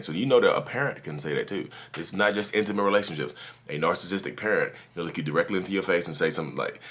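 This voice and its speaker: A man hosting his own channel, talking through advice in a casual, animated monologue, repeating himself and restarting sentences. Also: deep voice, fast talker. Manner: animated, repetitive, restarts sentences, acts out quotes. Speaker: YouTube channel host.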